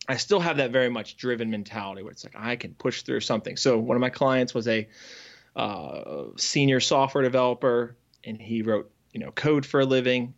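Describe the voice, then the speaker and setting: A man speaks earnestly as an interview guest, recounting his past in a halting way, restarting his sentences as he goes. His voice sits at an ordinary pitch. The audio is slightly dull and lo-fi. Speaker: guest, former farrier. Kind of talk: candid storytelling in an interview.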